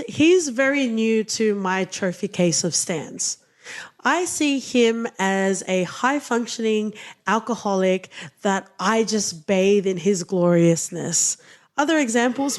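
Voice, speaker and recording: A woman's voice: medium pitch, expressive, slow pace. Blunt, profane woman podcast co-host. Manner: blunt, profane, laughs often. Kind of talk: casual chat.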